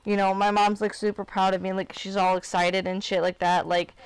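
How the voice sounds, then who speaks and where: A young woman in her twenties from Illinois chatting on a live stream. Her voice is smooth and clear, and the sound is dry and close. She talks in loose, rambling runs full of fillers, open and candid with her viewers. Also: medium pitch, little pitch movement, fairly quick, dry recording. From Illinois, United States. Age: 20s. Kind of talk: casual live-stream chat.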